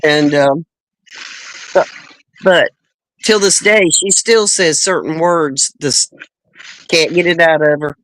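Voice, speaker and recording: A woman with a Southern American accent, chatting on a panel in an unhurried, drawn-out way and chuckling between remarks. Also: deep voice, no echo, rough recording. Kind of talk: casual panel chat.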